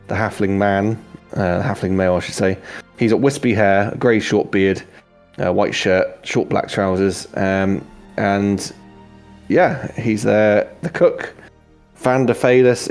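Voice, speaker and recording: Low-voiced game master narrating. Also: male voice. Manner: relaxed, hesitant with fillers.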